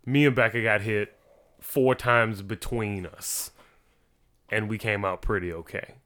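Loud, animated young man with a smooth voice. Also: fairly low pitch, unhurried. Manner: loud, animated, swears freely. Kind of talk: casual chat.

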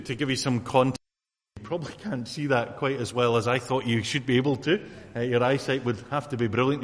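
A man preaching a sermon in a relaxed, conversational way, full of fillers and asides to his congregation. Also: mid-range voice. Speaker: pastor. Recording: long hall reverb.

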